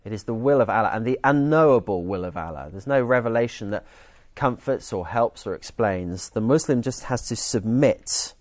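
A man's voice: fairly low pitch, animated, normal speed, dry recording. A man preaching a sermon in an earnest teaching tone, often restarting his sentences. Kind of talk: sermon with group activity.

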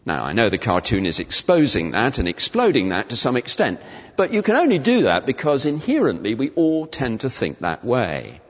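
A man preaching a sermon in a church, measured and expository, slowing down to stress the verses he quotes. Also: medium pitch. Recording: reverberant church hall, dull lo-fi sound.

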